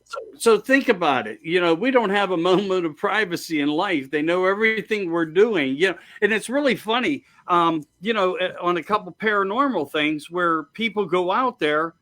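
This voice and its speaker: A man's voice: high-pitched, animated, moderate pace, bright, forceful tone. A man hosting a show, chatting eagerly in loose, run-on sentences. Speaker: show host. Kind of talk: casual interview chat.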